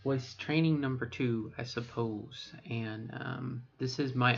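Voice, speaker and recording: Speaking slowly with hardly any pauses, a middle-aged trans woman uses her unaltered voice, extremely low, creaky, and fairly even in intonation, for a voice training vlog. She meanders hesitantly in self-talk, often correcting herself, on a dull lo-fi recording.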